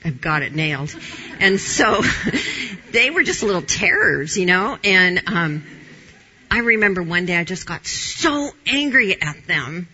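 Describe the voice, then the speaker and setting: Her fairly low voice has a sing-song lilt, unhurried, pushed and bright, with slight roughness, and the audio is dull. A middle-aged woman, she gives an animated, candid Christian testimony on a talk show, laughing often along the way.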